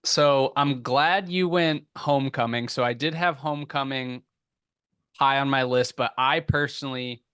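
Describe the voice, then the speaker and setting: A man's voice: mid-range voice, measured pace, fairly bright tone, clean tone. Chatty man explaining his reasoning. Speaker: podcast co-host. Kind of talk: casual chat.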